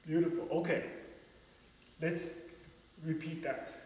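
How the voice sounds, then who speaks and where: Guy teaching ballet, counting steps out slow, sounds far off in a big echoey studio, bit of hiss. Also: on the high side, steady tone, a little mellow. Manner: chatty and encouraging, laughs between counts. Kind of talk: calling out steps and counts in a dance class. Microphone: distant room mic.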